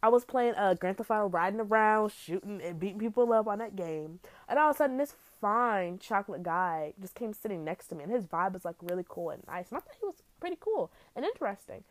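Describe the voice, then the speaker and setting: A young woman talks straight into the mic in a dry, close recording with no room around her. She tells stories in a brash, profane, animated way, with big swings in pitch. Her voice sits at a middle height for a woman. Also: brisk, few pauses, dry recording. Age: young adult. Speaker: podcast host. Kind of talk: casual storytelling monologue.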